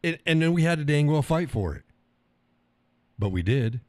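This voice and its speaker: A man's voice: fairly high pitch, big pitch swings, moderate pace, darkish tone, no echo. A man from the United States, host of a live stream, ranting bluntly and profanely in a casual opinion monologue.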